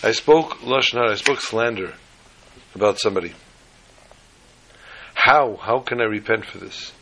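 A man voicing a distraught, devout woman who begs to know how to repent, her pleas climbing in pitch. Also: normal speed, bright, forceful tone, a little hiss or hum, low-quality recording. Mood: pleading.

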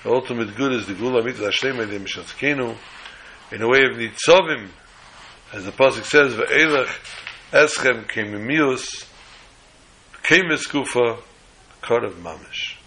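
A man teaching a sermon on the weekly Torah portion in a measured, halting way, often restarting phrases. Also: mid-range voice, sharp tone, slight background noise, rough recording.

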